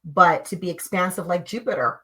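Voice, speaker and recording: Bright-voiced woman telling animated stories. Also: lowish voice, a little fast. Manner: animated, emphatic, acts out quotes. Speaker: podcast guest. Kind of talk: casual spiritual storytelling.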